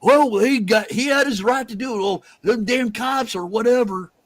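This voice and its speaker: A man putting on a shrill, dismissive woman's voice to mock her views. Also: normal speed, no room sound. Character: shrill mocking woman defending a cop killer.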